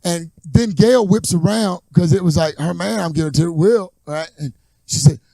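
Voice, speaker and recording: A man with a high, bright voice tells stories on a podcast, quoting himself with big swings. The sound is dry and close, with no room around it. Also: normal speed, vocal fry, no echo. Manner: animated storyteller, acts out quotes. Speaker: podcast host. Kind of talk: casual chat.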